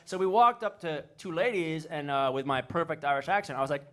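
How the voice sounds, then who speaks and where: A man's voice: on the high side, quick pace. A man doing a rambling, self-mocking stand-up set on a comedy stage into a handheld mic.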